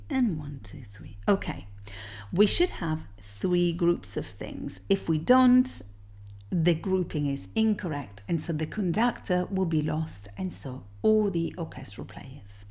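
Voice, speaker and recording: A woman's voice: on the low side, lively intonation, takes it slowly, gravelly, mellow. A woman teaching music theory, patiently explaining exam answers step by step and counting beats aloud.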